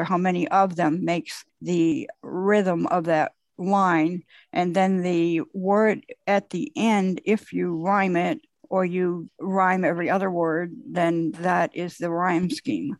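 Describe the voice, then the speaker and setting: A woman's voice: fairly low pitch, level tone, slow pace, few pauses, no room sound. A woman speaking as the guest poet on a conference call, patiently explaining with repeated phrases.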